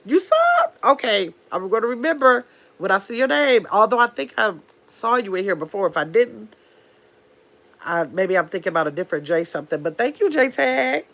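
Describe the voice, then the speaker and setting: A woman's voice: mid-range voice, lively intonation, moderate pace, fairly bright tone. A woman hosting a casual livestream, reading viewer comments aloud and answering them in an easygoing, chatty way. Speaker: livestream host reading chat.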